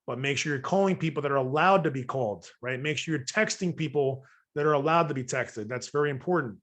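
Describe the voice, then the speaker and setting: A man's voice: medium pitch, fast, fairly bright tone. A man coaching real estate investors in a long webinar training. He jokes with his audience and acts out sample phone calls.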